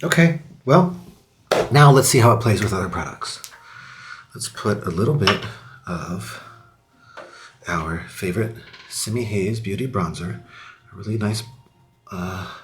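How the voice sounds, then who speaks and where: Upbeat and talkative, a young male beauty vlogger tries makeup on camera, occasionally lowering to a whisper as he applies it. He speaks with a fairly low, expressive voice at a measured pace and pauses often, and there's a little hiss or hum.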